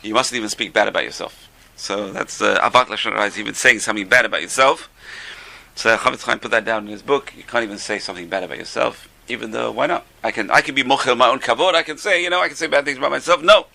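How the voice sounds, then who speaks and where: A man's voice: medium pitch, quick pace, creaky, sharp tone. An older man teaching an informal religious class, a chatty, joking storyteller.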